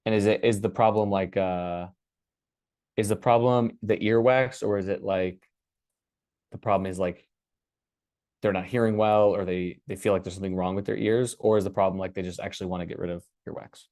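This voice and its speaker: A man hosting a workshop, walking through his screen in a relaxed, casual way and thinking aloud with many fillers. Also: low-pitched, fairly quick, dry recording, studio quality. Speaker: workshop host. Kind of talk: casual screen-share walkthrough.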